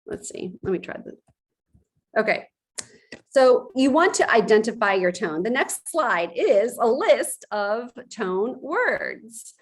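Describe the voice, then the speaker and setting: Female presenter, forties, passionate and fiery, unhurried delivery, motivational team trainer. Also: a little high, big pitch swings. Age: 40s.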